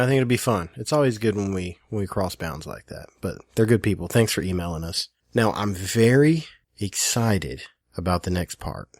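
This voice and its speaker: A man's voice: fairly low pitch, no room sound, clean studio sound. A man co-hosting a podcast in casual chat, teasing and easygoing, often breaking into laughter. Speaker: podcast co-host.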